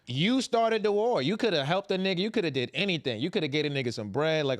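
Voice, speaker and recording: Animated young man recapping a show. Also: on the high side, fast, few pauses, dry recording, studio quality. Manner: animated, profane, acts out quotes. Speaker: podcast co-host. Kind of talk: casual recap chat.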